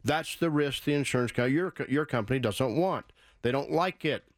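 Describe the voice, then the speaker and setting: A man's voice: medium pitch, moderate pace, no room sound. A man hosting a radio call-in show, talking in an emphatic, urgent way and repeating his points.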